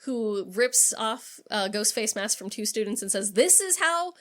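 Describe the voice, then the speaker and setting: A woman co-hosting a podcast, casually retelling a film scene by scene, lively and freely swearing. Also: medium pitch, measured pace. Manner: animated storytelling, swears freely. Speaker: podcast co-host. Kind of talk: casual movie recap chat.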